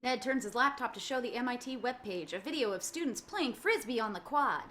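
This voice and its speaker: A woman narrating the action description in a fan table read of a film script, reading briskly and matter-of-factly. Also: a little high, animated, a bit bright, a little hiss or hum.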